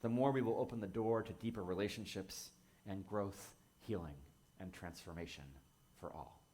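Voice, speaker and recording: Gentle, low-voiced male minister. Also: a little hiss or hum. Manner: gentle, measured, reflective. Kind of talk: sermon.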